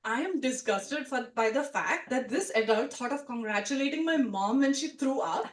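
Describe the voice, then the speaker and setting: A woman telling a personal story at a live story swap, chatty and animated, full of "like" and "you know". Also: high-pitched, normal speed. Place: storytelling event room with a live audience. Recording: roomy sound from a distant mic.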